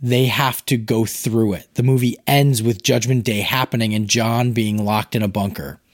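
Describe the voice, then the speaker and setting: A man's voice: medium pitch, steady tone, moderate pace, no room sound, studio quality. A man chatting casually about movies, rambling and correcting himself, with many fillers. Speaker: podcast co-host explaining movies. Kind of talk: casual chat.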